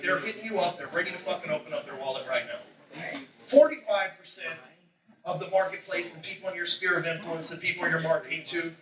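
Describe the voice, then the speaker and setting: A man's voice: high voice, sharp tone. A man giving a brash, profane motivational sales talk from a stage, swearing constantly and hitting his points hard. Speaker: keynote speaker. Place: event stage before a live audience. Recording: roomy hall, mic from a distance, crowd.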